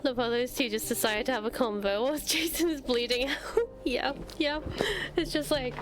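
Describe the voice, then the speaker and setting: A woman's voice: a little high, normal speed, few pauses, background noise. A woman streaming a game, chatting casually and giggling as she reacts. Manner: giggly, chatty reactions between read-out lines. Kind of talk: casual let's-play commentary. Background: game music.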